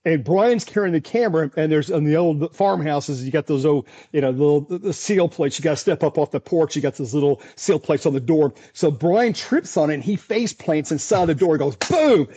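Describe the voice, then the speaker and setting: A man with a notably high voice tells a story at length as an interview guest. He is animated and chuckles often, tripping over his words and restarting as he goes. His style is casual and conversational. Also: fairly quick, few pauses. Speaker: storm chaser interview guest.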